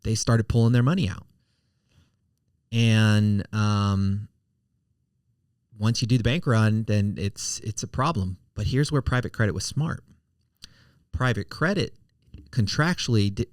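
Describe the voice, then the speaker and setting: A man's voice: on the low side, a little slow, long pauses, dry recording, clean studio sound. A middle-aged man, casually explaining finance as a podcast host in a folksy, conversational way. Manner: conversational, self-correcting, folksy.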